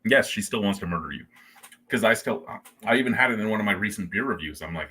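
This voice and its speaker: A man's voice: lowish voice, lively intonation, quick pace, sharp tone, husky. A man hosting a casual beer review livestream from home, rambling and joking crudely with his chat.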